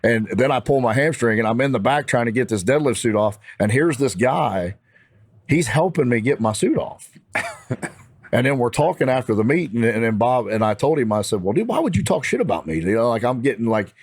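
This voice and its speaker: A man with a Midwestern American accent telling a story in a casual, animated, fired-up way. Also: mid-range voice, moderate pace, dry recording. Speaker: podcast guest.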